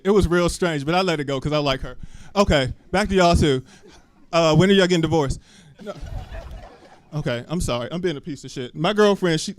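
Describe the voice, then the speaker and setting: A man's voice: a little high, dry recording. A man doing a live stand-up set on a club stage, talking loosely into a handheld mic, cussing freely and peppering the crowd with questions. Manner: loose, chatty, asks the crowd lots of questions, cusses freely. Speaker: stand-up comedian. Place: small comedy club stage.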